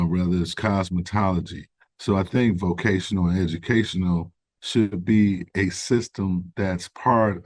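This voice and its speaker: A man, a guest who founded a recovery organization, speaks in an interview in an earnest, reflective way. He tells stories conversationally, with fillers, and gets more animated when he stresses a point. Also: low-pitched, husky, no room sound. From United States. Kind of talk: interview storytelling.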